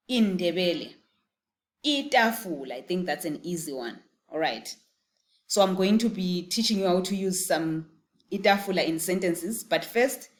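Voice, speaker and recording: A Zimbabwean woman leads a beginner language lesson at an unhurried pace. She repeats each phrase patiently for learners to say after her. Her pitch sits in a middle range. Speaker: language teacher.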